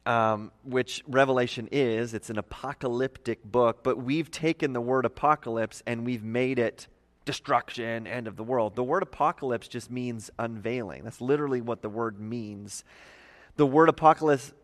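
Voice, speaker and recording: A man's voice: mid-range voice, moderate pace. A man teaching a livestreamed Bible study as pastor, in a casual, conversational way with lots of fillers. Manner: casual and conversational, many fillers, animated emphasis. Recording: long echoey reverb.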